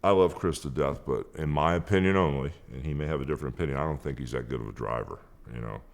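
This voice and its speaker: A man speaking candidly in a documentary interview, in a measured way. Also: very deep voice, vocal fry.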